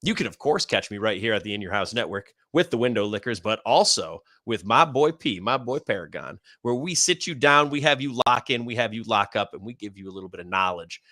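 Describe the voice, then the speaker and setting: Bright, upbeat man plugging his shows. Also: lowish voice, lively intonation, brisk, few pauses, no echo, studio quality. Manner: upbeat, rambling plugs with laughs. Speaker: podcast co-host and wrestler. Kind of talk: casual livestream chat.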